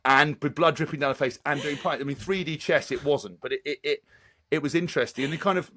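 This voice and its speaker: A man, a former rugby player telling animated stories as an interview guest. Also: a little high. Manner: animated, rapid storyteller. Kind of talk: anecdotal interview storytelling.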